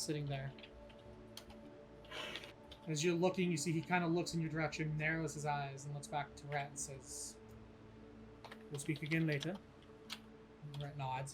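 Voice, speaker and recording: Man, game master, casual narration, swears often, music behind. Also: on the high side.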